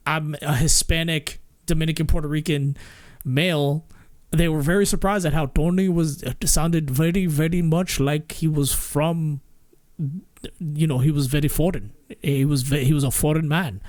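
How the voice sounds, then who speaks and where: A male streamer chatting casually, rambling and cursing, breaking into laughs now and then. His voice is fairly high for a man, and the sound is dry and close. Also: fairly even intonation, normal speed, darkish tone, no room sound. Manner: rambling, swearing, often laughing.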